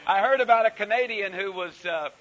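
A man preaching a sermon, telling a story slowly and deliberately with frequent pauses. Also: sits high, a bit bright. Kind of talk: sermon with anecdote. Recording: dull hissy recording.

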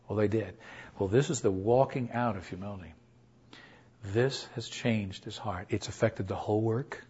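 A man's voice: lowish voice, moderate pace, a little mellow, slightly rough. A man preaching in an earnest, conversational way, telling a story and acting out what people said. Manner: earnest, conversational, acts out quotes. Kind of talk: storytelling sermon. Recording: dull lo-fi recording.

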